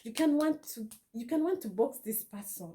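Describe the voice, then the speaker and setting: Woman vlogger, fairly high voice, mellow tone, earnest advice with a preachy streak. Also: animated, normal speed, a little hiss or hum. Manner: emphatic and earnest, stretching words for stress; preachy, quotes scripture. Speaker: vlogger giving dating advice. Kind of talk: casual advice monologue to camera.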